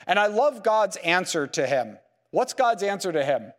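A man teaching a Bible class, lively and full of rhetorical questions, checking in with "okay?" and "right?" as he goes. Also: sits high, normal speed, big-room sound. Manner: peppers sentences with "okay?" and "right?". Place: lecture room with slides.

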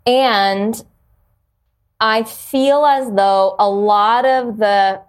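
A woman at a middle pitch talks earnestly about purpose in a casual interview. Her pace is reflective, and she often restarts phrases while searching for the right words. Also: drawn-out words. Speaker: podcast guest, yoga teacher.

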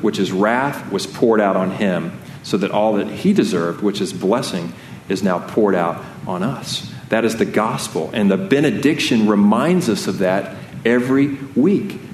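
Low-voiced male pastor preaching in an echoey room. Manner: earnest, conversational preaching with fillers and restarts. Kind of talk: sermon. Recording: echoey room with faint noise.

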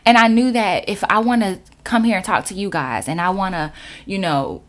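A woman motivational speaker telling a personal story in a sassy, emphatic and animated way. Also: medium pitch, moderate pace.

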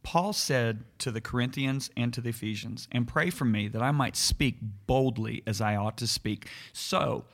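A middle-aged man who preaches and co-hosts a podcast speaks earnestly in conversation, at a medium pitch and moderate pace with almost no pauses. He leans hard on certain words and repeats himself as he builds up each point.

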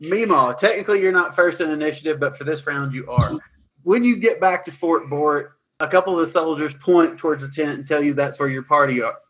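A man narrating as dungeon master, recapping and describing scenes in a lively way with some fillers. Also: a little high. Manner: animated, quick recaps with fillers. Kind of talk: tabletop game narration.

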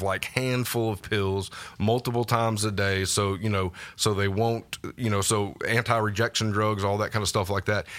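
A man telling a personal faith story as a podcast guest, casual and halting, with many fillers and restarts. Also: on the low side, fairly bright tone. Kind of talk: personal testimony in a podcast interview. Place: podcast studio.

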